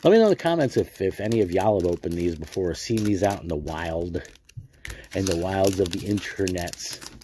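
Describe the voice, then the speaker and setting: A middle-aged American card-collecting YouTuber opens packs while giving casual, joking commentary and repeating himself. His voice is low and dark, with lively intonation and a moderate pace, and there's slight background noise.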